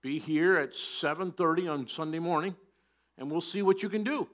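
A preacher telling a story and playing a polite pastor, amazed and a little hesitant. The voice is fairly high for a man, delivered as a quoted character in a joke from the pulpit. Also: moderate pace, a bit bright, natural voice. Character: polite, amazed small-town church pastor.

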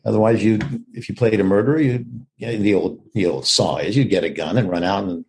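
A man's voice: lowish voice, quick pace, darkish tone. An older man, an actor, talking reflectively about acting in an interview and acting out quoted lines as he goes. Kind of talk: conversational interview.

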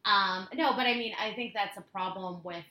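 A woman's voice: mid-range voice, normal speed, roomy sound, crowd noise, low-quality recording. A woman co-hosting a podcast, talking in an opinionated casual way with many "like"s. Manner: opinionated, lots of "like". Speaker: podcast co-host. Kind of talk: casual chat.

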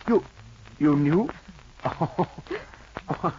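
A man's voice: a little high, animated, extremely slow, warm tone. An actor playing a meek, shy man courting a lonely woman, who talks hesitantly and stammers, in 1940s radio acting style. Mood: shy, earnest. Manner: hesitant and stammering, many restarts. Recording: muffled old radio recording with hiss.

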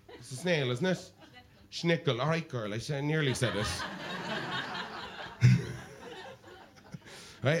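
A man telling an animated stand-up story, swearing and laughing along as he goes. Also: on the high side, unhurried, long pauses, slight background noise. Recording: live crowd laughing.

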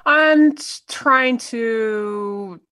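Woman, bright voice, hesitant, lots of fillers and restarts, dry close mic. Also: a little high, very slow, dry recording. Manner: hesitant, many fillers and restarts, laughs often. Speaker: guest, theater artist and writer. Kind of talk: casual conversation.

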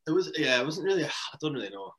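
A man's voice: a little high, big pitch swings, very fast. A young man, a cricket player as guest, telling casual stories and laughing along. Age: young adult. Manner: chatty, laughs while telling anecdotes. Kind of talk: casual interview storytelling.

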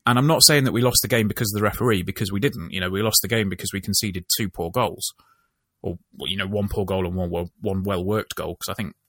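Male podcast co-host, low voice, dry close sound, animated and exasperated. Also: fast, no echo. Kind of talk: casual football chat.

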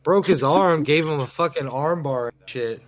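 A man's voice: fairly high pitch, moderate pace. A man co-hosting a casual movie watch-along podcast, blunt and swearing freely. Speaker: podcast co-host.

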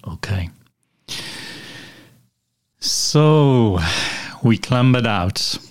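A man hosting an interview over a video call, asking questions slowly and softly. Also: medium pitch, lively intonation, no room sound, clean studio sound. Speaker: podcast host.

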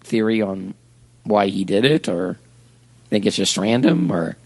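Gravelly podcast host poking at his cohost with questions and dry jokes. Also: on the low side, lively intonation, unhurried, darkish tone, no room sound. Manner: prodding with questions, dry quips. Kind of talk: casual chat.

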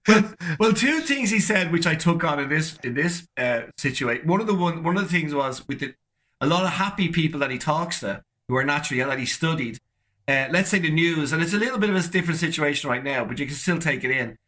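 An Irish man with a bright, forceful voice tells stories in a loose, animated podcast chat. He starts sentences over and over and jumps into little acted-out quotes. His pitch sits a touch above the usual for a man. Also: fast talker. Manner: animated storytelling, many restarts, acts out quotes. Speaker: comedian podcast guest. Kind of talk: casual chat.

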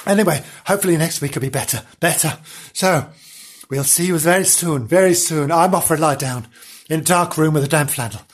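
Husky, melodramatic rambling storyteller man. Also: fairly high pitch, brisk. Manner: melodramatic, rambling, self-pitying. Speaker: storyteller host. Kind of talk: comic children's story reading.

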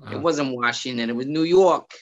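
A man's voice: mid-range voice, normal speed. Cheeky joking man on lo-fi audio. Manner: jokey, cheeky guesser. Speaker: quiz contestant. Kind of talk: casual podcast quiz banter.

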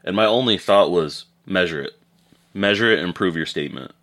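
A man co-hosting a casual podcast chat, animated and profane, acting out little scenes. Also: low-pitched, a little fast. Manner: animated, swearing, acting out voices, laughing.

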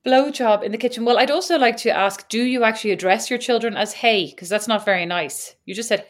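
A woman's voice: fairly high pitch, fairly quick, hardly any pauses. Chatty, teasing woman podcast host. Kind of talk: casual chat.

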